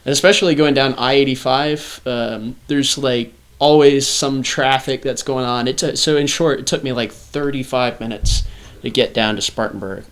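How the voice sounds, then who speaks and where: A young man from the American South hosting a podcast, telling a story in a casual, animated way. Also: medium pitch, moderate pace, hardly any pauses. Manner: animated storyteller, acts out voices. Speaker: podcast host. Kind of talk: casual chat.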